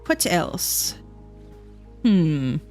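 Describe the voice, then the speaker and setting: A woman's voice: lowish voice, very animated, very slow, darkish tone, soft background music. Rambly, sweary streamer woman. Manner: rambling storyteller, swears freely, laughs often. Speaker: VTuber streamer. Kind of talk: casual chat.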